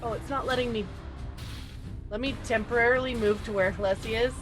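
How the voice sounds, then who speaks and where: A woman's voice: a little high, fairly even intonation, faint music behind, rough recording. A woman playing a tabletop game, hesitantly describing her character's actions. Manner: slow, hesitant, with small laughs. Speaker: player. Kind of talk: tabletop game play over voice chat.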